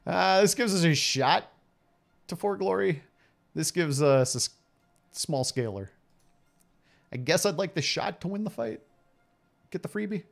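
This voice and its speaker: A man's voice: fairly high pitch, animated, measured pace, vocal fry, long pauses. Late-30s guy streaming, chatty and jokey, bouncy up and down voice, little music underneath. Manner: chatty, laughs often, teasing. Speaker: game streamer. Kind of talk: casual game commentary talking to chat.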